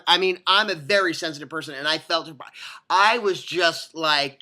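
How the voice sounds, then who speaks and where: A bright, sharp-toned adult voice launches into a rambling rant, piling up digressions, false starts and curse words. The delivery is animated and conversational, like a vlogger venting straight to the camera. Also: medium pitch, fairly quick. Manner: animated, profane, digressive storytelling with many restarts.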